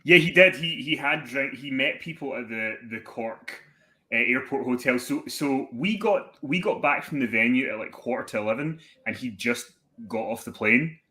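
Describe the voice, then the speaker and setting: A man in his twenties or so, chatting as a podcast guest with a bright, forceful voice. He rattles through his stories with plenty of swearing and slips into little impressions of the people in them. His voice sits at an ordinary middle pitch. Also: normal speed. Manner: animated, swearing, acts out the voices in his anecdotes. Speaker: podcast guest, wrestling commentator. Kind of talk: casual storytelling chat.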